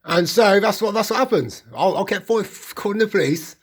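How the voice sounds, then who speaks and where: Middle-aged West Midlands man, husky voice, rambling personal account with stammered restarts. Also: sits high, expressive, brisk. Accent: West Midlands English. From England. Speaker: vlogger.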